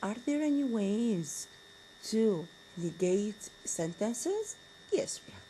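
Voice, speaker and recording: A woman's voice: medium pitch, very animated, takes it slowly, dark tone, slight background noise, rough recording. Woman lecturing on grammar. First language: Arabic. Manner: switches between English and Arabic, asks rhetorical questions. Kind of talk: university lecture.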